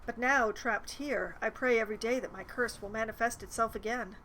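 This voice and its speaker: A woman reading aloud the game dialogue of a weary, hunted half-sibling, in a measured, rueful way. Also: on the high side, sharp tone, a little hiss or hum, rough recording.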